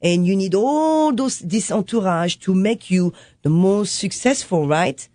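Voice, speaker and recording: Telling stories as a guest in a relaxed interview, a woman who runs a coffee shop and whose first language is French voices her customers and her son. She speaks at a measured pace with an animated, medium-pitched, dark voice, in a dry, studio-quality recording.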